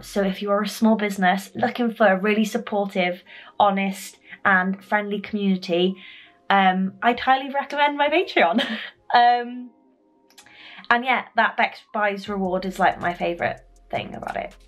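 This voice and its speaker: A young woman gushing with excitement as she opens parcels in a casual vlog, full of fillers and exclamations. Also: mid-range voice, normal speed. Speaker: stationery vlogger. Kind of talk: unboxing vlog.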